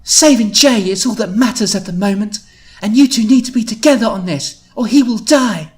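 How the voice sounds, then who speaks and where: A man voicing a firm, bossy teenage girl in a high, shrill, exaggerated voice while reading aloud. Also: measured pace. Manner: shrill, exaggerated reading of own teen story.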